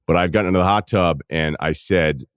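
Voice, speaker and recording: A man in his forties with a very deep, low-pitched voice hosts an advice podcast, reading emails and cracking deadpan jokes. The sound is dry and close, recorded at a studio microphone with no room around it. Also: fairly quick, clean tone, no room sound. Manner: dry, deadpan humor with asides while reading. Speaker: podcast host.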